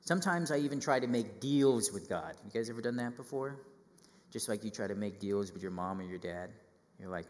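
A middle-aged man preaching a sermon to children, lively and full of questions, acting out quoted voices. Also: lowish voice, fairly quick, big-room sound.

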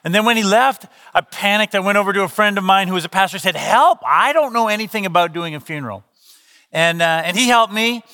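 A middle-aged man, the lead pastor, preaching an Easter sermon in a conversational, animated storytelling way with quoted dialogue. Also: high-pitched, fast talker, big-room sound.

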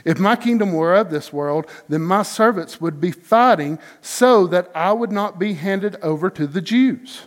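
A solemn, composed prisoner who speaks of his kingdom, voiced by a man reading scripture. The voice sits high and unhurried, and the words are measured and calm. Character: calm, solemn male prisoner claiming kingship.

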